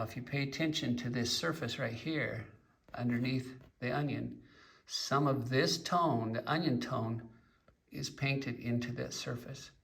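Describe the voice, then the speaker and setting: A man teaching a painting lesson, explaining at an unhurried pace while pointing at his work and mixing in stories. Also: mid-range voice, gravelly, fairly bright tone, recorded from a distance. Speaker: painting instructor.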